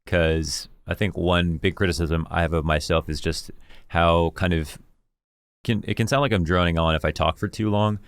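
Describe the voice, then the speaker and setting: A man, an esports caster, thoughtfully reviewing his own commentary in a deep voice, enunciating carefully. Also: steady tone, moderate pace, clean tone, no room sound. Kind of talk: reflective self-review.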